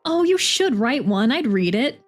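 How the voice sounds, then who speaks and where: A woman's voice: fairly high pitch, sing-song, unhurried, faint music behind. A woman voicing a polite, eager stranger making friendly small talk.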